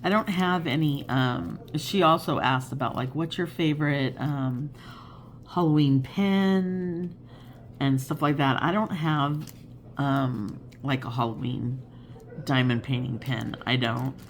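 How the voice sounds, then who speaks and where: A woman's voice: extremely low pitch, takes it slowly, slight background noise. A woman in her fifties hosting a casual crafting chat, rambling and chatty and laughing often. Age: 50s. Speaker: crafting channel host.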